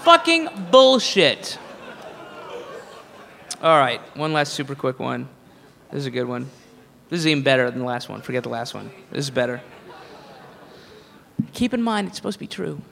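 A male stand-up comedian ranting in an incredulous, mocking, profane way, shouting at the peaks, live at a comedy venue. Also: on the high side, normal speed, gravelly, long pauses, some chatter behind. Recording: live in a reverberant hall with audience.

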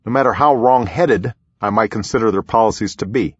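A man reading his own memoir aloud in a measured, reflective storytelling manner, in a slightly muffled recording. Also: fairly low pitch, breathy edge, dry recording. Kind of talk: audiobook memoir narration.

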